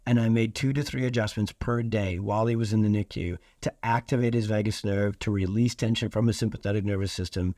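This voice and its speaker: A man's voice: on the low side, steady tone, fairly quick, few pauses, a little mellow, dry recording, studio quality. A man from Iowa hosting a solo podcast, talking earnestly and stressing points by repeating phrases. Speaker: podcast host.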